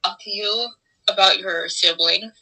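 Young woman with a very bright, sharp voice, chatty and laughing as she retells school moments. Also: mid-range voice, steady tone, a little slow, low-quality recording. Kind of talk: casual chat.

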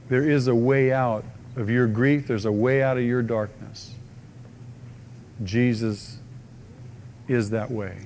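A man preaching a sermon as pastor, swinging from rising, loud repeated cries to a hushed, soft pleading voice. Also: medium pitch, slight background noise.

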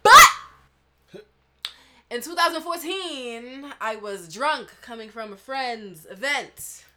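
Animated bright-voiced young New woman. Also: fairly high pitch, slow. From Brooklyn, New York. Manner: animated, profane, mimics voices in anecdotes. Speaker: podcast co-host. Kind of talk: casual chat, storytelling.

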